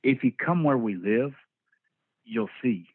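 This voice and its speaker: A man's voice: mid-range voice, lively intonation, slow, husky, no echo. Texan man on a tinny line. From Texas. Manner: laid-back, profane, rambling drawl. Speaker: band musician guest. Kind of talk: casual interview storytelling. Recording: tinny phone-like remote line.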